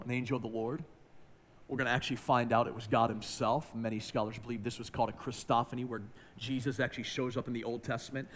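A man preaching a sermon, emphatic, swinging from hushed lines to near-shouting. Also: medium pitch. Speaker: pastor.

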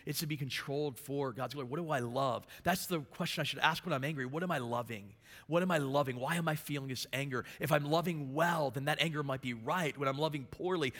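A middle-aged man preaching a sermon, moving from quiet storytelling to loud, emphatic preaching. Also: on the high side. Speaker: pastor. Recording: long hall reverb.

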